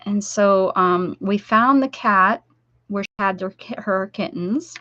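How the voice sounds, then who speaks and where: A woman's voice: mid-range voice, slow, bright, forceful tone, no echo. Chatty middle-aged woman streaming crafts from home, dull lo-fi mic, dry room. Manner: chatty, rambling, talks to viewers by name. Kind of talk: casual live-stream chat while crafting.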